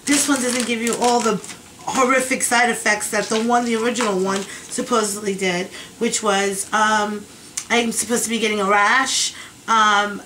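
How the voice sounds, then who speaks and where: A woman's voice: medium pitch, steady tone, normal speed, sharp tone, a little hiss or hum, low-quality recording. A woman rambling in a casual video diary, chatty and exasperated as she vents. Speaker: vlogger.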